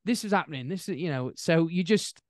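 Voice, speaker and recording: A young man, a new dad and podcast guest, chatting casually and telling animated, rambling stories. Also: a little high, fairly quick, no room sound, clean studio sound. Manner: animated storyteller, rambling with restarts. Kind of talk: casual chat.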